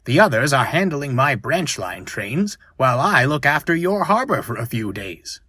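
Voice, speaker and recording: A man's voice: medium pitch, sing-song, moderate pace, slightly rough, dry recording, studio quality, exaggerated voice. A man voicing Toby, a cheerful old male tank engine who talks reassuringly, in a storybook reading. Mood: kindly. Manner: warm, reassuring.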